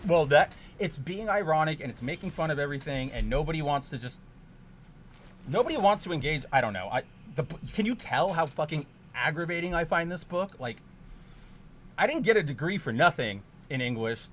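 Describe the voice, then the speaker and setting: A man streaming a card game, ranting and swearing, with sudden loud outbursts in casual chat. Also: on the high side, expressive, fairly quick, slight background noise.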